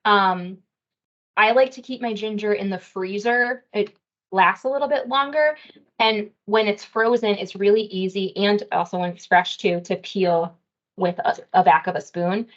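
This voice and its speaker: A woman's voice: mid-range voice, moderate pace, muffled recording. Woman explaining a cooking demo. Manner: friendly step-by-step explaining with fillers. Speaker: dietitian teaching a cooking class. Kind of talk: casual cooking demonstration.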